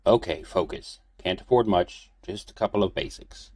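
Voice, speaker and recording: A man's voice: deep voice, moderate pace, a little mellow, no echo, clean studio sound. A man reading an audiobook, voicing an impulsive young man who curses under his breath. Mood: wry. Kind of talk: audiobook character voice.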